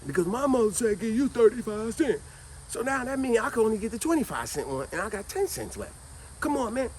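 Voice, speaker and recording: A man telling a childhood story in a casual, animated way, acting out the people he quotes and often saying "man". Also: high-pitched, a little hiss or hum. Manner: animated, acts out quoted voices, repeats "man".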